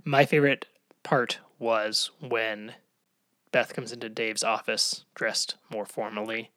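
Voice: mid-range voice, little pitch movement, slow, a bit bright, no room sound, clean studio sound. A podcast co-host in casual chat, talking chattily and laughing often.

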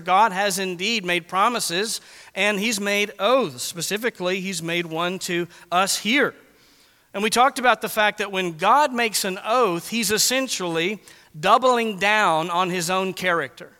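A man preaching an expository sermon as pastor, earnest, slowing down to read scripture deliberately. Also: high voice, bright, forceful tone. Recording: long reverb of a large hall.

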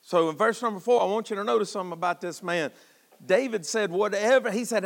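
A man's voice: high voice, fast, vocal fry, long reverb tail. A man preaching an impassioned, folksy sermon to his congregation, calling out to them as he goes. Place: church sanctuary.

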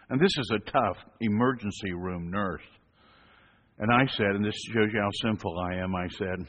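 A man, a hospital chaplain, telling a story in an animated storytelling sermon and acting out voices. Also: lowish voice, moderate pace. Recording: echoey hall, dull lo-fi sound.

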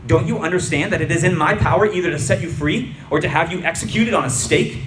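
A stern, impatient Roman governor presses his questions, voiced by a male preacher. He sounds forceful and demanding, pitched above the preacher's usual voice. The room around him is roomy and echoing. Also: fast talker, slight background noise, natural voice. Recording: roomy hall with faint ambience.

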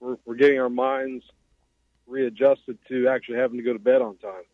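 Man, phone-in guest, measured, matter-of-fact, tinny phone line, dry sound. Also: medium pitch, little pitch movement, no echo. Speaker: sheriff's office major, guest. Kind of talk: phone-in radio interview.

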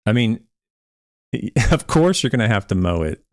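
A man's voice: on the low side, big pitch swings, measured pace, dry recording, clean studio sound. A man hosting a podcast, reading a research paper aloud and critiquing it with insistent emphasis and bursts of giggling. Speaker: podcast host reviewing turf research.

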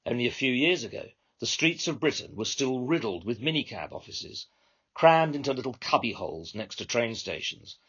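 A man, the author, reading his own short story aloud in a measured, conversational narration. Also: medium pitch, animated, fairly bright tone, slightly rough, dull audio.

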